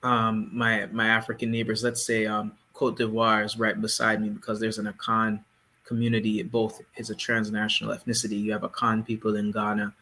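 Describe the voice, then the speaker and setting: A man co-hosting a casual panel discussion, speaking in a measured, explanatory way. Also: lowish voice, monotone, pushed and bright, slight background noise. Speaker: podcast co-host.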